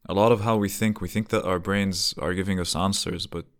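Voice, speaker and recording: A man's voice: deep voice, steady tone, fairly quick, smooth. A young man talking casually and reflectively to himself, rambling through rhetorical questions with frequent restarts.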